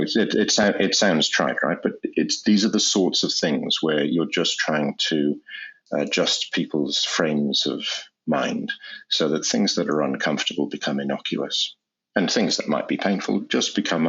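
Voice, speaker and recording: A man speaking as an anesthesiologist guest in an interview, explaining in a measured way and often repeating words as he restarts. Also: extremely low pitch, fairly bright tone, husky. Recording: dull lo-fi sound.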